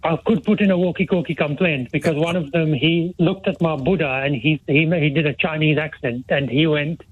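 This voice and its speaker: A man calling in to a radio phone-in, talking in a hushed, rambling way with lots of fillers and restarts. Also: a little high, fairly even intonation, brisk, slight background noise. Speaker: caller. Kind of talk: phone-in chat. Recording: tinny phone line.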